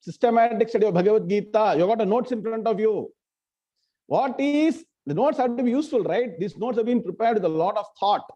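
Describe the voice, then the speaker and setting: Over muffled, lo-fi video-call audio, a man teaches an online scripture lecture and frequently calls on students by name with questions. His voice is high, expressive and warm in tone, and he speaks fairly quickly.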